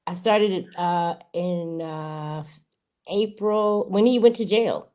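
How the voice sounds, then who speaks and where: A woman's voice: on the low side, slow pace, warm tone. A woman from Los Angeles, a guest YouTuber, chatting casually and asking curious, friendly questions. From Los Angeles, California. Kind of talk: casual live chat.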